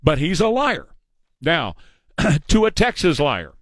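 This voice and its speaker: A middle-aged man hosting a talk show, delivering a combative, sarcastic political monologue at a fast clip. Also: fairly high pitch, huge pitch swings, fairly bright tone, no echo. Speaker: radio talk show host.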